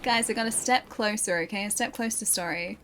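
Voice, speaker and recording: A woman's voice: medium pitch, brisk, fairly bright tone, slight background noise. A woman streaming a video game, joking with her chat in casual commentary. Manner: playful, jokey banter with chat. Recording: game music underneath.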